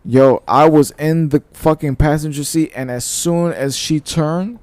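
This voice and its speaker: Podcast guy, mellow voice, dry mic, laid-back storytelling w some swearing. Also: fairly high pitch, unhurried, dry recording. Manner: laid-back, swearing, shifts from mumbled asides to animated telling. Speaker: podcast co-host. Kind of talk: casual storytelling chat.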